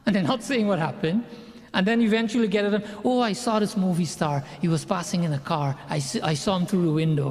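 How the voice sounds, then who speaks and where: A man with a high voice tells a sermon story, slipping into the characters' lines as he goes. His voice carries a long reverb from the room. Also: quick pace. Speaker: pandit giving a sermon.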